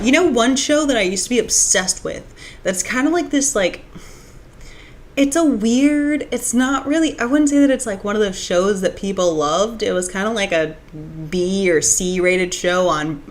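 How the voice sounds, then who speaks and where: A woman's voice: mid-range voice, lively intonation, moderate pace. A young woman streaming live, chatting casually and reading out viewer comments, rambling with lots of restarts and filler words. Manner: rambling, restarts, many "like"s, reads chat comments aloud.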